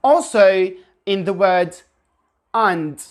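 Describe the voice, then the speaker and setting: Slow, low-voiced woman teaching pronunciation. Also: animated, a little mellow. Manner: demonstrates sounds by repeating words with exaggerated intonation; restarts often, halting explanations. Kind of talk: online pronunciation lesson.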